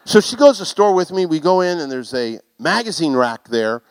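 A middle-aged man preaching a sermon through a personal story, animated and self-mocking, building to loud exclamations. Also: fairly high pitch, fairly quick, clear, resonant tone, dry recording, rough recording.

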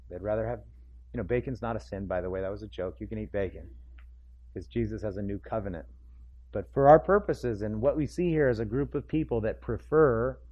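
Mellow-voiced man preaching a sermon. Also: medium pitch. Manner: acts out the crowd and figures in quick asides, joking. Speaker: pastor. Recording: dull lo-fi sound.

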